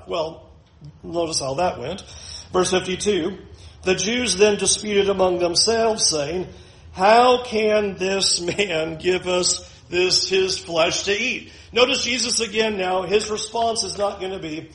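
High-voiced preacher in an echoey room. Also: male voice, fairly bright tone. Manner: reads scripture slowly, acts out the crowd's voices. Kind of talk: sermon.

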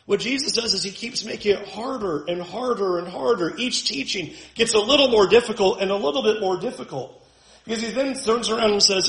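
Male pastor, higher register, emphatic preaching, roomy echo on the recording. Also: a little fast, fairly bright tone. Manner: emphatic, building lists with rising force. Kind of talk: sermon.

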